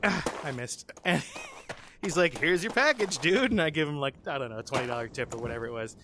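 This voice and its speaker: A man's voice: a little high, a little fast. A man hosting a gaming channel, telling a story casually while he plays, laughing often and tossing in sarcastic asides. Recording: steady background noise with clicks.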